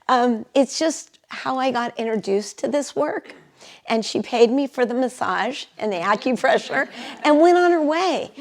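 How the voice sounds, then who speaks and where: A woman's voice: a little high, vocal fry. A middle-aged woman leading a live wellness workshop, chatty and laughing often as she guides the group through affirmations. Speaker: workshop leader and energy healer.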